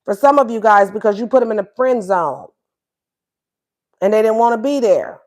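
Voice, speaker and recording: A woman's voice: a little high, animated, normal speed, darkish tone. A woman giving a casual tarot reading, sassy and acting out what the lovers would say. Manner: sassy, acts out voices of both lovers. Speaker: tarot reader.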